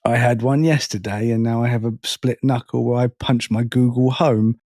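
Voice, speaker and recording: A man co-hosting a podcast, talking casually in halting restarts and swearing freely. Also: mid-range voice, steady tone, a little mellow, no echo, clean studio sound. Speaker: podcast co-host.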